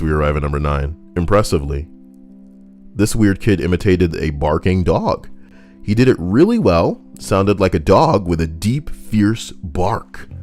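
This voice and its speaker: A young man rants through casual, profane commentary in a wildly lively voice. He rambles, pushing hard on some lines and dropping to a mutter on others. Faint music hums underneath. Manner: rambling, swaying between loud rants and low mutters. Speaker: YouTube commentator.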